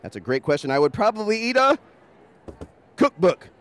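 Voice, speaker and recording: A young man hosting a library talk show, and his voice sits very high with big, bouncy swings in pitch. He keeps the chat jokey and upbeat and laughs often. He sounds playful and quick to tease his guest. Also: big pitch swings, a bit bright.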